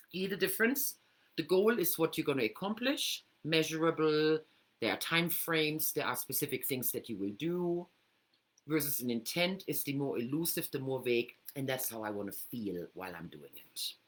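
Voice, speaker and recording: A middle-aged woman from Germany hosts a casual teaching talk from her home computer, animated and acting out inner voices. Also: low-pitched, breathy edge. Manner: animated, acts out inner voices with big swings. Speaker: host.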